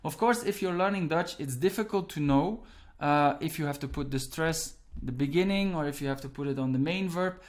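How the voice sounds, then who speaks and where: A man's voice: on the high side, a little fast. A man teaching an online grammar lesson, explaining patiently step by step and checking in with "right?" and "okay". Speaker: Dutch language teacher.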